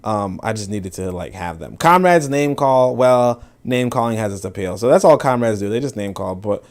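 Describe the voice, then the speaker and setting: A man hosting a casual podcast, talking in a profane, dismissive and animated way. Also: lowish voice, moderate pace. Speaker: podcast host. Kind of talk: casual commentary.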